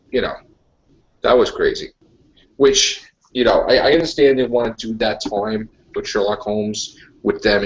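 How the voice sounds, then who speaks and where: A man hosting a casual podcast, reading news aloud and wandering off into rambling asides. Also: fairly low pitch. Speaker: podcast host. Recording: dull lo-fi podcast audio.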